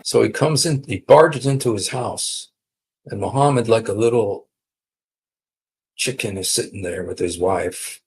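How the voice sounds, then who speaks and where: A man's voice: on the low side, unhurried, slight background noise. A man hosting a casual livestream, talking in a sarcastic, mocking way and repeating himself for emphasis. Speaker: livestream host.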